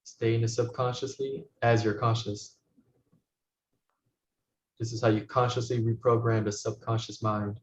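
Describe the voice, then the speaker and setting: A man teaching as a spiritual guide, talking listeners through a meditation in soft, slow, repeated phrases that often sink to a hush. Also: medium pitch, little pitch movement. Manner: soft-spoken, slow, repetitive guidance, often dropping to a hush. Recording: roomy, dull recording with faint noise.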